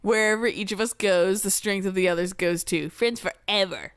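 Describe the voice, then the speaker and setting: A woman's voice: medium pitch, moderate pace, clean tone, dry recording, clean studio sound, lightly acted. Woman reading as a proud young boy knight. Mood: proud, rallying. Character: boastful young male knight, loyal friend.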